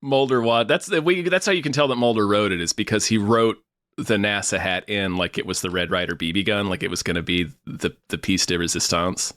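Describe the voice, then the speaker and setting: A man co-hosting a podcast, chatting casually about a film, animated and laughing often as he riffs. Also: fairly low pitch, fairly quick, no room sound, studio quality. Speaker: podcast co-host. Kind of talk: casual movie-review chat.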